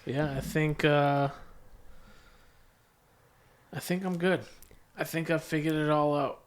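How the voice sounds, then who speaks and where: A man co-hosts a podcast and chimes in with short quips and quick replies. His voice sits a little on the high side for a man. He speaks in a casual, offhand way. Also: steady tone, clean tone. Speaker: podcast co-host. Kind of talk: casual chat.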